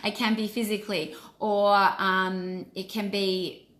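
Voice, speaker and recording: A woman's voice: mid-range voice, level tone, measured pace, a bit bright. A woman in her forties, a wellness coach, giving an earnest and encouraging casual live-stream talk. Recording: roomy echo.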